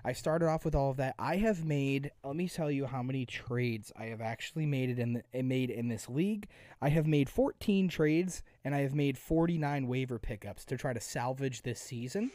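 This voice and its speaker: A man's voice: mid-range voice, normal speed, a little mellow, no room sound, studio quality. A young man hosting a casual sports podcast, rambling with lots of fillers. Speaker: podcast host and editor.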